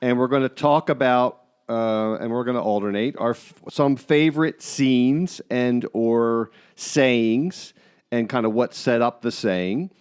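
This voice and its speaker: A man's voice: mid-range voice, unhurried, clean tone. A man hosting a podcast, steering a loose, unrehearsed chat and handing turns to his guests. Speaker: podcast host.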